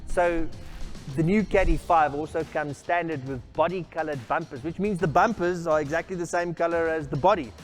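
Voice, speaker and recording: A man's voice: fairly high pitch, normal speed, soft background music. A man presenting a new van's features in a formal, salesy way, often addressing the others by name. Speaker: vehicle product presenter. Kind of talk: scripted product walkaround.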